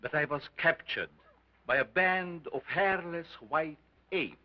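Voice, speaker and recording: An actor playing a sinister carnival scientist with a strange foreign accent, declaiming grandly in a 1930s film. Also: male voice, on the high side, measured pace, close to an everyday voice. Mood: grandiose. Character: sinister showman scientist, older man, theatrical. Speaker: carnival lecturer. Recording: dull lo-fi 1930s film sound.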